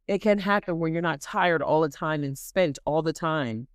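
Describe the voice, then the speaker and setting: A woman hosting a podcast who gives an animated, dramatic motivational faith talk and repeats points for emphasis. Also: sits low, normal speed, clean tone, no room sound, studio quality. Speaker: podcast host.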